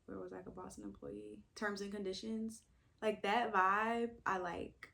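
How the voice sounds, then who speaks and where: A woman's voice: medium pitch, level tone, normal speed, gravelly, pushed and bright. A young woman, talking casually to the camera as a book vlogger, thinking aloud with sudden exclamations. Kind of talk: casual chat.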